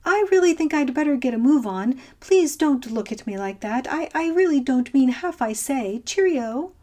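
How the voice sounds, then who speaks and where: A woman voicing a breezy, slangy modern young woman who talks in a quick, offhand way. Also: high-pitched, expressive, a little mellow, voice pushed up.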